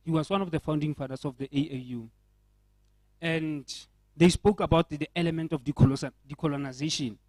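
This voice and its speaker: A man's voice: a little high, fairly even intonation, fairly quick, a little mellow, no echo, low-quality recording. Earnest South African man, dry sound. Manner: earnest, repetitive restarts, rhetorical questions. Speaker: panel speaker. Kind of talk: panel discussion remarks. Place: indoor event.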